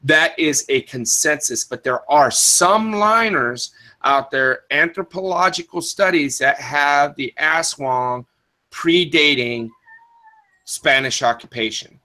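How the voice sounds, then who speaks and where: A man's voice: on the high side, slow, bright, forceful tone, poor audio. A man hosting a podcast in casual talk, rambling with many restarts and fillers, and stopping to answer the live chat. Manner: answers live chat, spells words in the phonetic alphabet. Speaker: podcast host.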